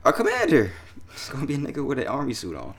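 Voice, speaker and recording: A young man hosting a casual sports chat, loose and animated, swearing freely as he talks through the news. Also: mid-range voice, very fast. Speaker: podcast host.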